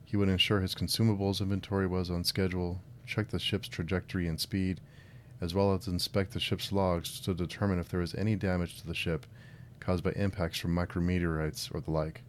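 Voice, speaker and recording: On his book channel, a low-voiced man opens with a relaxed, friendly introduction, then reads a short story aloud. He talks plainly and briskly, with a few fillers and restarts in his own chat, while a faint low rumble sits in the background.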